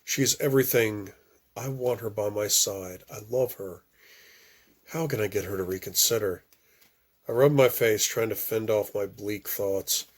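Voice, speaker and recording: A man reading a first-person novel aloud, with occasional stumbles and restarts and phrases that drop off softly. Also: lowish voice, a little slow. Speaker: audiobook reader.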